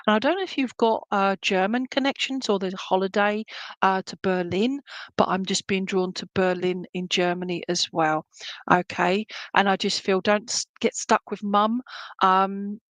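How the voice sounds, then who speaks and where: A woman's voice: mid-range voice, fairly even intonation, normal speed, dry recording, rough recording. A middle-aged woman serving as a spiritualist medium, giving rambling, affectionate clairvoyant readings at an online church service, with many fillers and restarts.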